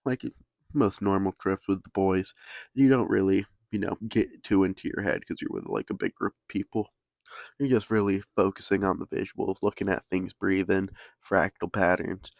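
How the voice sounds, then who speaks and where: A man's voice: sits low, steady tone, moderate pace, gravelly, darkish tone, no echo. A young man casually telling a story in laid-back slang, swearing constantly.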